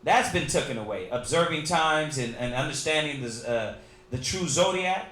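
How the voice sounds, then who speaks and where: A man's voice: a little high, expressive, moderate pace, fairly bright tone, reverberant. A man teaching scripture in a loose, joking way, with street slang. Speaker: Bible study teacher.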